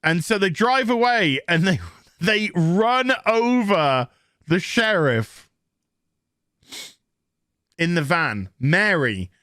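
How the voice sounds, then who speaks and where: A man speaks slowly, with a bright, forceful edge, and his pitch swings widely as he mocks what he watched. He is sarcastic and swears freely. The sound is dry and close. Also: animated, dry recording. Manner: sarcastic and profane; mocks scenes in quick put-on voices. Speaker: TV show reviewer. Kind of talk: casual recap rant.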